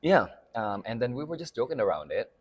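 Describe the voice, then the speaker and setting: A man's voice: medium pitch, big pitch swings, a little fast, breathy edge, highs cut off. A man from the Philippines, a guest in a casual interview, chatting in a giggly way with lots of fillers and trailing thoughts. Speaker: interview guest, drag house mother.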